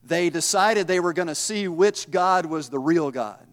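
A man preaching a sermon, retelling scripture in a folksy, animated style. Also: on the high side, unhurried. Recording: long hall reverb.

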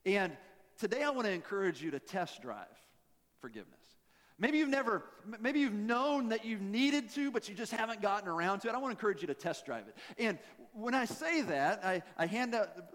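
A man's voice: high-pitched, a bit bright, in a large hall. A man preaching a sermon as a pastor, folksy and joking, with self-deprecating asides.

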